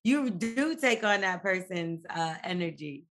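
Lowish-voiced young woman cohost, blunt, jokey, loose podcast chat. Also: animated, measured pace, fairly bright tone, soft background music. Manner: blunt, joking, talks frankly about sex. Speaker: podcast co-host. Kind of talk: casual chat.

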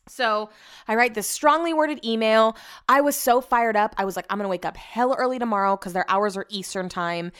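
A woman's voice: a little high, brisk, a bit bright, clear, resonant tone. A woman telling a rambling story in a casual, profane rant, jumping between asides. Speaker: vlogger.

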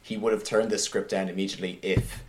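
A man in casual conversation, retelling a film scene by scene in an animated way, with many "like"s. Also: sits low, fast talker, slight background noise. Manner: animated retelling, heavy use of "like". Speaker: podcast guest discussing films.

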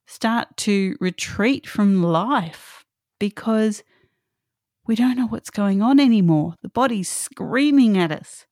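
A woman's voice: medium pitch, darkish tone, no room sound, clean studio sound. A middle-aged woman hosting a solo podcast, earnest and emphatic, repeating her key points. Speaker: podcast host.

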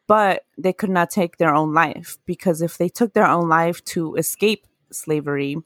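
In a laid-back podcast conversation, a female co-host with a fairly low voice recounts folklore history. She's sincere and chuckles at herself whenever she stumbles on a word, and the audio is close and dry with no room sound at all.

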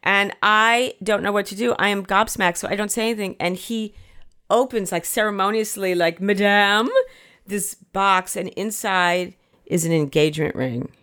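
A woman telling a comic story in casual chat, animated and salty, acting out the lines she quotes. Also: medium pitch, moderate pace, clear, resonant tone. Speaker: guest storyteller.

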